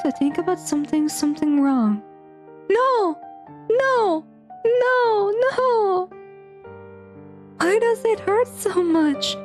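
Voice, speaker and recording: A woman voicing a despairing teenage girl from a visual novel, soft and slow, breaking into cries. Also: very high voice, pitched above the performer's own voice. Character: despairing teenage girl, tearful and self-doubting. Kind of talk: reading a visual novel aloud.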